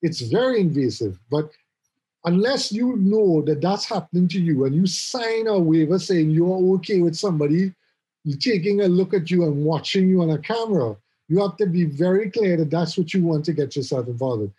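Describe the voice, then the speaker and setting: Man, middle-aged, husky, casual chat, storytelling. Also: high-pitched, moderate pace, rough recording. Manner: animated storytelling, repeats words. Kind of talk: casual conversation.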